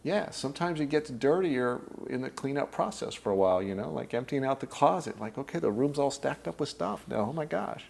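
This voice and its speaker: A man's voice: medium pitch, expressive, brisk, creaky, few pauses, darkish tone. A man teaching a workshop group in a conversational way. He often checks in with "okay?" and acts out inner voices while he explains.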